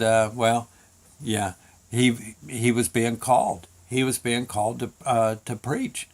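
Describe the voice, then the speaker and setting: A male show host telling a long story in a relaxed, casual manner. He rambles, restarts his sentences and fills pauses with "uh" and "you know" as he goes. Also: medium pitch. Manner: rambling, many restarts and fillers.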